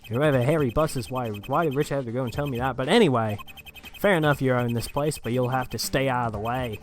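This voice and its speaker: Dude doing a cocky aussie cop, sarcastic and rambly, fan game voice. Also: male voice, mid-range voice, fast talker, slight background noise, lightly acted. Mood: brash. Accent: put-on Australian. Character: brash blunt male police detective.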